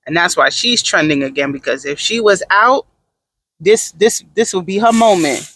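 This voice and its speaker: Sassy high-voiced man, bright and dry. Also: moderate pace, slight background noise. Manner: sassy, animated, dramatic asides. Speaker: vlogger. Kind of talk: casual gossip commentary.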